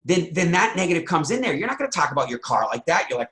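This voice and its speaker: A man coaching a group on a call, talking energetically with many restarts and acting out excited quotes. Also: high-pitched, a little fast. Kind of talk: motivational coaching talk.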